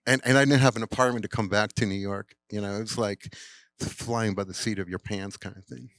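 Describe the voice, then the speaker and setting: A man's voice: lowish voice, fairly even intonation, a little fast, a bit bright, no echo. An older man, a film director, telling a rambling anecdote at a live Q&A with lots of fillers and quoted voices. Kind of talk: casual storytelling in a Q&A. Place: cinema, live Q&A.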